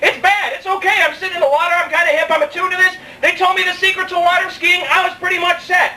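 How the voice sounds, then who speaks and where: A man's voice: extremely high pitch, flat delivery, quick pace, pushed and bright. A young man performing a rambling, self-mocking stand-up comedy set, joking with the crowd in a club. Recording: distant mic in a live club, faint room ambience.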